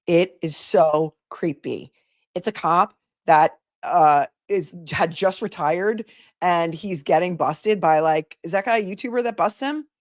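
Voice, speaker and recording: Chatty low-voiced woman streamer. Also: no echo, clean studio sound. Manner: chatty, animated storytelling, reads chat aloud. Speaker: attorney and livestream host. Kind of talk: casual livestream chat.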